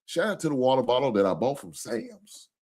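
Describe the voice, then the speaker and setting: A tired man with a drawl rambles through a casual sports talk stream. His pitch swings widely as he cusses and jokes with his chat. He sounds loose and unscripted. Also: sing-song, a little fast, a little mellow. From Kentucky. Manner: rambling, profane, laughing and joking with chat.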